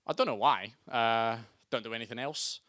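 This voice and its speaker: A young Scottish man compering a student stand-up show, with a bright, forceful voice. He talks in a chatty, self-mocking way and breaks into loud calls to hype the crowd. The sound is dry and close, with little room echo. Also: medium pitch, moderate pace. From Scotland. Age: young adult. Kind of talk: live stand-up comedy. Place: student comedy night venue.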